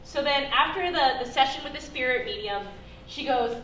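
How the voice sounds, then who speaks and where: A high-voiced woman tells stories at a post-show talkback in a theater, laughing often and quoting her family. Her voice bounces around an echoey hall with faint noise behind it. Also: normal speed. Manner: animated, acts out family quotes, laughs often. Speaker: solo performer answering audience questions. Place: theater, live audience.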